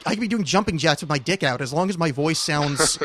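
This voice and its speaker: A man in his thirties hosting a casual podcast chat, rambling and animated, trailing off mid-sentence and swearing now and then. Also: on the high side, fast, no echo. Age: 30s. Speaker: podcast host.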